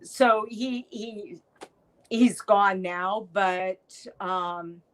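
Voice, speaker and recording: Guest, middle-aged woman, unhurried delivery, animated storyteller. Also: medium pitch, low-quality recording. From United States. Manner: animated storyteller, acts out quoted lines. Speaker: podcast guest, artist. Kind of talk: storytelling interview chat.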